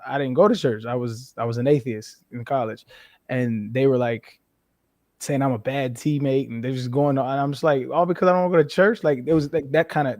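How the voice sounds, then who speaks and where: A man in his thirties from New Mexico, a former football player, talking as an interview guest in a frank, profane way with lively storytelling. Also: medium pitch, no room sound, studio quality. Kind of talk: casual interview chat.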